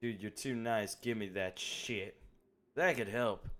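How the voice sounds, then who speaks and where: A man streaming live gameplay, chatting loosely and thinking out loud, with some swearing. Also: on the low side, takes it slowly. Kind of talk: casual live gameplay commentary.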